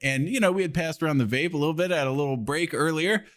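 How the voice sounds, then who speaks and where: A man co-hosting a podcast, telling a rambling, animated story with laughs in casual chat. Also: a little high, quick pace. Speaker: podcast co-host.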